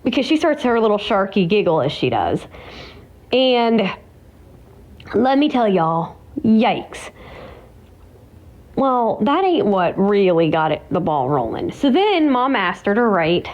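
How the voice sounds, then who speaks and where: A woman's voice: medium pitch, very animated, measured pace, a little mellow. A woman hosting her own vlog, tearful and emotional, talking in a rambling way full of restarts and exclamations. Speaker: vlogger and host. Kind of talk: casual emotional vlog chat. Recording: dull lo-fi recording.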